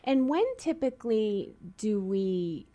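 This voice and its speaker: A woman's voice: medium pitch, expressive, slow pace, dark tone, highs cut off. A woman with a Boston accent hosting a radio interview show in a friendly, chatty way.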